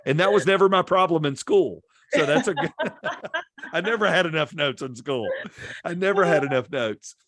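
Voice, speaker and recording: A man's voice: fairly high pitch, expressive, moderate pace, a bit bright, no room sound. Man, podcast host, friendly questions, dry close sound. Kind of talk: podcast interview.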